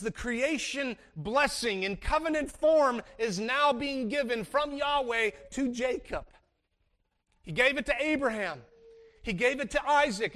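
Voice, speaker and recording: A man's voice: very high-pitched, fairly bright tone. A man preaching a sermon, emphatic, with frequent restarts and repeated words. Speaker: pastor.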